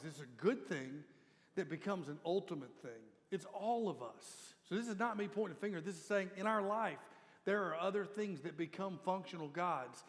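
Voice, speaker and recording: A man's voice: fairly high pitch, a little fast. A man preaching a sermon as lead pastor, speaking conversationally and appealing directly to his congregation. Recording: reverberant church hall.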